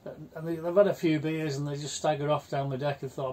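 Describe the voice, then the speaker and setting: Chatty older man, slightly high voice. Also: steady tone, brisk, darkish tone. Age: 60s. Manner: storytelling, blunt and chatty. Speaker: houseboat vlogger. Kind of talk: casual chat.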